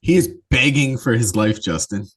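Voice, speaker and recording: A man co-hosting a casual movie podcast, cutting in with quick crude quips. His voice sits at an ordinary middle pitch for a man. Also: lively intonation, over a noisy crowd. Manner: joking, swears freely, chimes in with quips. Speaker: podcast co-host. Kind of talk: casual movie recap chat.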